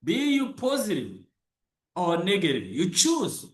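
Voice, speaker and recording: Slow, animated man in an echoey room. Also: sits high. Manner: repetitive, emphatic, with restarts and rhetorical questions. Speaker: motivational speaker. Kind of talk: motivational monologue.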